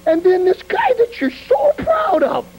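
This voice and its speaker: A man cutting a mocking wrestling promo, taunting his rivals, shouting and laughing as he goes. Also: wildly swooping pitch, measured pace, soft background music, poor audio. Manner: laughs and shouts between lines; sudden jumps and drops in pitch.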